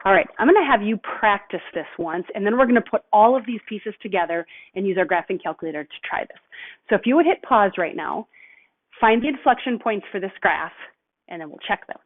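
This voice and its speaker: A woman teacher explaining a math lesson patiently, step by step, slowing down on key terms. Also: medium pitch, animated. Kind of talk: recorded video lesson. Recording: tinny phone-like audio.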